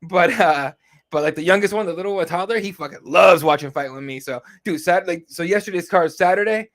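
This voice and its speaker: A man in his thirties rambles through a family story on a podcast, swearing freely as he goes. His voice sits a bit higher than most men's. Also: brisk, a bit bright. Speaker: podcast co-host. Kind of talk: casual chat.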